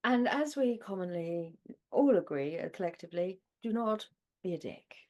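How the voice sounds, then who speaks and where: A woman's voice: on the low side, animated, moderate pace, dark tone, highs cut off. A woman co-hosting a podcast in casual chat, with dry, sardonic quips. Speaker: podcast co-host.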